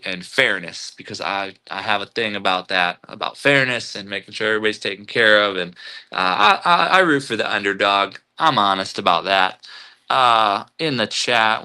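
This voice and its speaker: A man's voice: mid-range voice, pushed and bright, smooth. A man hosting a casual live stream, reading out chat messages in an upbeat, chatty way that often stumbles and repeats words.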